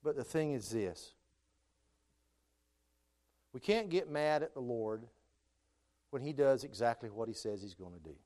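A man preaching a sermon, moving between calm scripture reading and loud, high, impassioned stretches. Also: unhurried, pauses often.

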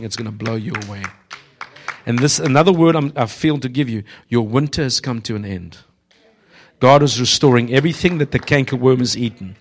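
This is a visiting preacher with a gravelly, medium-pitched voice. He gives a church congregation a humorous, prophetic sermon, exhorting them, addressing them directly and frequently breaking into laughter.

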